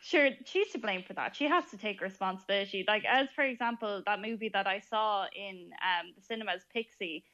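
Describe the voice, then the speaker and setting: A woman's voice: medium pitch, a little fast, hardly any pauses, lo-fi sound. Opinionated Irish woman radio co-host. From Ireland. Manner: opinionated, animated. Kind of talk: casual radio chat.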